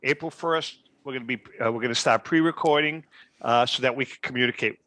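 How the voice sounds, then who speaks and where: A man co-hosting a casual talk show, in a mid-pitched voice recorded dry and close. He chats easily and stumbles into restarts, often cutting in and then apologizing. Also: quick pace, bright, forceful tone, no room sound. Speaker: co-host.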